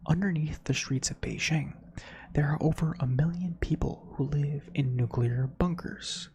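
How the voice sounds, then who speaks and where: A man hosting a soft-spoken ASMR reading of facts, softly whispering with chatty asides. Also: on the high side, moderate pace, slight background noise. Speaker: ASMR host.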